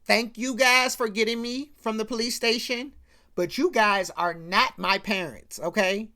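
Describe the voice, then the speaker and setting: A woman voicing a bitter teenage boy from a rough home who speaks bluntly. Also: fairly high pitch, a little slow, pushed and bright. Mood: resigned.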